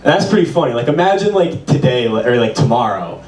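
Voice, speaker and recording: A man's voice: mid-range voice, very animated, quick pace, darkish tone. A man doing a stand-up comedy set, with a loose, rambling delivery full of "like". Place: small bar performance room. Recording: roomy, distant, with audience.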